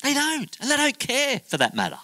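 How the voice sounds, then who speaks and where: Animated, bright-voiced pastor. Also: male voice, very high-pitched, fairly quick, no room sound, poor audio. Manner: chatty, humorous, animated storyteller acting out voices. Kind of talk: sermon with storytelling.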